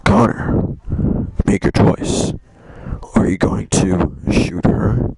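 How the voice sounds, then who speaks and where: A man voicing a smug, rich older man, an android maker, slow, booming and menacing. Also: creaky, darkish tone, slightly rough, dry recording, heavily acted, poor audio. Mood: taunting.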